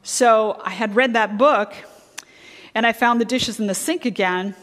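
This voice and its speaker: A middle-aged woman leading a church marriage workshop, quizzing the audience with fill-in questions and stressing key words slowly. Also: on the high side, fairly bright tone. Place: church sanctuary. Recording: long church hall reverb.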